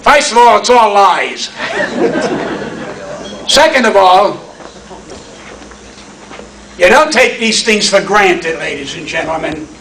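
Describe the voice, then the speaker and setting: A man's voice: sits high, animated, takes it slowly, pauses often, recorded from a distance, a crowd in the background, background noise. A man, giving a brash, punchy stand-up acceptance speech full of wisecracks, in a banquet hall. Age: 80s. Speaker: award honoree and comedian. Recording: echoey hall, voice from off mic.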